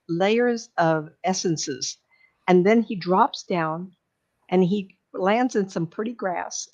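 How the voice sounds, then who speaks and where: A woman's voice: medium pitch, a little mellow. Middle-aged woman gushing about a movie, rambly, lots of ums, medium voice, kinda dull lo-fi audio. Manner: enthusiastic, rambling, frequent fillers and laughs. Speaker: psychic medium guest. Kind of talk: casual retelling of a film.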